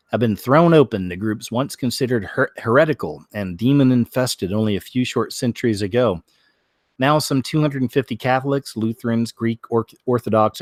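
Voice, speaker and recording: A man hosting a show, reading news stories aloud, stumbling over words, clearing his throat and adding wry comments of his own. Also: mid-range voice, dry recording, clean studio sound. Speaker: host.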